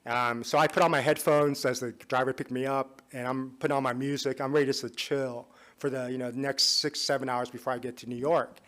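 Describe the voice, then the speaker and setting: A man telling a personal story during a conference talk, in a conversational way that often drops to a soft, confiding tone. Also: medium pitch, little pitch movement, brisk, hardly any pauses. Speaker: conference speaker. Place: conference hall.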